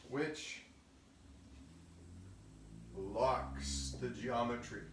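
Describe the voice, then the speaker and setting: Male chemistry teacher, mid-pitched, patient step-by-step delivery, recorded from a distance in a reverberant room. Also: extremely slow, background noise. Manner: explains step by step, often adding "okay?" and restarting phrases. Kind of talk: casual recorded lesson.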